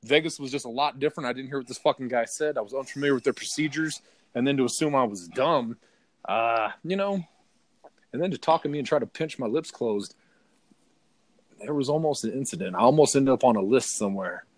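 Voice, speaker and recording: A man's voice: medium pitch, a little fast, no echo. A man co-hosting a podcast, telling a heated, profane story in casual chat. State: partly deaf in left ear. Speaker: podcast co-host.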